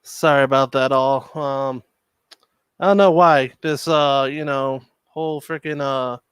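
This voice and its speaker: A man hosting a live stream, easygoing and quick to laugh as he greets his viewers. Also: fairly high pitch, clean tone, dry recording. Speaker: host. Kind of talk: casual live-stream chat.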